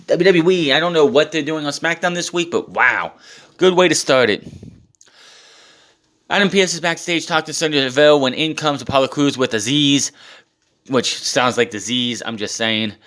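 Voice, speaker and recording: A man's voice: on the high side, normal speed, fairly bright tone. A man recapping a show in a casual, blunt and sarcastic way, with swearing and filler words. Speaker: wrestling show reviewer.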